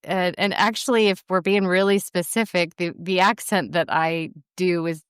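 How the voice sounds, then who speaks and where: A woman's voice: on the low side, fairly even intonation, moderate pace, smooth, no echo, clean studio sound. A young adult woman, an audiobook narrator, chatting casually in an interview and rambling with lots of fillers. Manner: rambling, lots of fillers, self-deprecating laughs.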